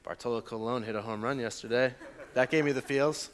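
A man's voice: medium pitch, steady tone, fast. A young man preaching a conversational sermon, often asking the congregation questions and reading scripture aloud with feeling. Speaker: pastor.

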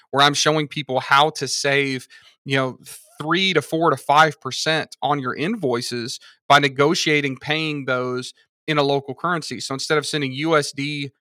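Bright-toned man explaining at length. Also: medium pitch, no echo. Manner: explanatory, talks through examples at length. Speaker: guest from a seller funding service. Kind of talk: casual podcast conversation.

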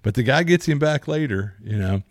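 A man chatting casually about movies, rambling and animated with many restarts. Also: mid-range voice, a little fast, dry recording, clean studio sound.

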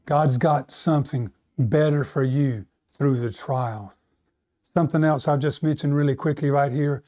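A man delivering a sermon in a somewhat high voice. He builds up to a higher, louder pitch when stressing a point and draws out his key lines slowly. He acts out what people might say and keeps asking his listeners for replies. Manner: acts out quoted voices and asks the crowd for replies. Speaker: pastor.

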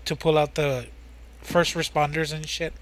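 A man's voice: on the high side, level tone, slow pace, fairly bright tone. A man in casual podcast chat, talking loosely in slang and swearing constantly.

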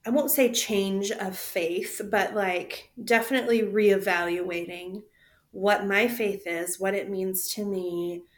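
A woman's voice: medium pitch, steady tone, takes it slowly. A woman co-hosting a podcast in casual chat, thinking aloud and searching for her words. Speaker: podcast co-host.

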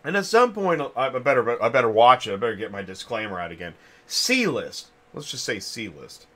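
Bright-voiced man, rambling host. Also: mid-range voice, lively intonation, a little fast. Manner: rambling, thinks aloud with many restarts. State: chewing a cough drop. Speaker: podcast host. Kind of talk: casual industry chat.

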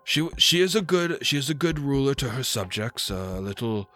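A man voicing an eccentric old wizard host who is politely formal, and who erupts into high shrieking rage at pests. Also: big pitch swings, moderate pace, sharp tone, soft background music. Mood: genteel.

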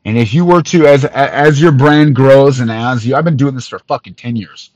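A man hosting a podcast, ranting in an angry callout with lots of swearing, missing some teeth, swinging from loud outbursts to low muttering. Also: moderate pace, no echo, highs cut off. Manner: profane, heated, swings from shouting to low muttering. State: missing teeth, awaiting dental work. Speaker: podcast host.

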